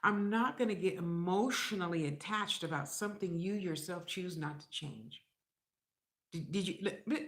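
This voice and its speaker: A woman's voice: fairly low pitch, normal speed. A middle-aged woman talking straight to camera in a blunt, rambling way, cursing freely and acting out other people's lines. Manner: blunt, profane, rambling and animated. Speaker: vlogger. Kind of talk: casual vlog monologue. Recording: echoey room.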